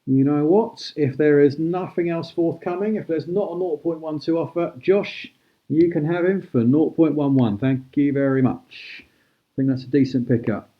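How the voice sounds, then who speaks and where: A man hosting a live-stream auction, chatty and brisk as he calls out prices and thanks bidders. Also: on the high side, dull audio. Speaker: host auctioning cards.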